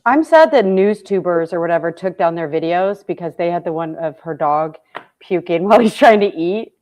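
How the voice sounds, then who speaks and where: A woman's voice: fairly low pitch, expressive, normal speed, a little mellow. A woman co-hosting a casual livestream chat, telling gossipy stories with frequent giggles. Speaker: stream co-host.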